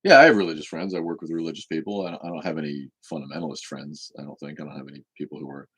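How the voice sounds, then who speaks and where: A very low, husky man in his fifties. He hosts a casual live Q&A, answering bluntly and swearing freely. His voice sits at the deep bottom of the range. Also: racing, fairly bright tone. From United States. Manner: blunt, profane, opinionated. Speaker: show host. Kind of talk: live-stream Q&A chat.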